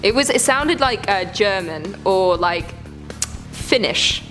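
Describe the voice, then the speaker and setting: A woman talking casually as she reacts to scary videos, chatty and quick to swear and joke. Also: medium pitch, expressive, over music.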